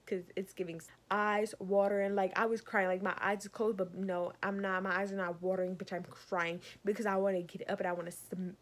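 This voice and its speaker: A woman's voice: mid-range voice, level tone, a little fast, hardly any pauses. A young woman rants through a storytime for her vlog. She keeps calling her viewers y'all and sounds exasperated as she tells it. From Savannah, Georgia. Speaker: vlogger. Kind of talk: storytime rant.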